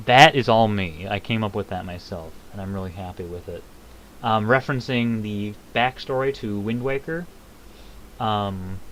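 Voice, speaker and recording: A man's voice: lowish voice, slight background noise, rough recording. A young man casually commenting on a game's lore, rambling with many ums and self-deprecating jokes.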